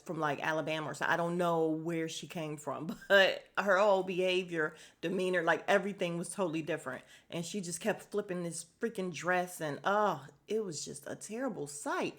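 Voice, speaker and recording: A woman hosting a casual podcast, recapping a reality show bluntly and swearing freely. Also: fairly low pitch. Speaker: podcast host.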